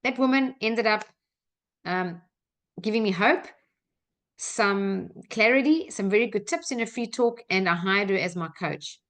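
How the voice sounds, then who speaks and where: A woman's voice: medium pitch, animated, measured pace, a bit bright. Earnest woman telling a coaching story. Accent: Australian. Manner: earnest storytelling with frequent fillers. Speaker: coach and webinar host. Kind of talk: personal development webinar talk.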